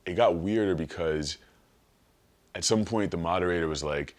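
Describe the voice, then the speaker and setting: A man with a very low voice chats as a podcast guest. He tells a rambling story full of swearing and animated asides. His delivery is loose and conversational. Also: normal speed. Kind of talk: casual chat.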